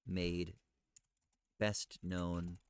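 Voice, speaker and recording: A man thinking aloud as he looks things up, questioning himself and reading search results aloud in a halting, muttering way. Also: deep voice, little pitch movement, smooth, dry recording. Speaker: streamer researching live.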